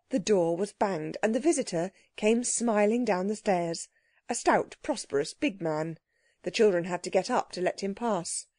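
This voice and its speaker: A woman's voice: medium pitch, normal speed, a little mellow, no room sound. Woman narrating a children's audiobook, dry sound.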